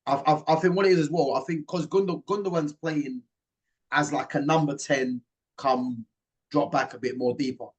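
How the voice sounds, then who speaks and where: A man with a fairly high speaking pitch hosts a casual football chat. He argues his points in an emphatic, opinionated way. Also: fairly even intonation, normal speed, husky. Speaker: host.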